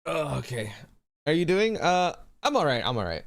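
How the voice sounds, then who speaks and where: A man's voice: fairly high pitch, very animated, normal speed. Laid-back swearing male streamer. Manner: laid-back, swears often, calls people bro. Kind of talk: casual chat with a live audience.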